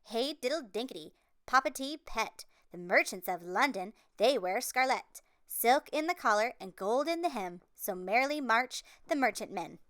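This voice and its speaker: A woman voicing tiny mice who sing in high, twittering voices in a storybook reading. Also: expressive, normal speed, fairly bright tone, no echo, studio quality. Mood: singsong.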